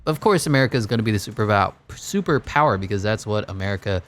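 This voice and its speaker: A man's voice: fairly low pitch, animated, quick pace, fairly bright tone. A man giving joking play-by-play commentary over a basketball video game, in a dry, mock-announcer manner. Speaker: gaming YouTuber.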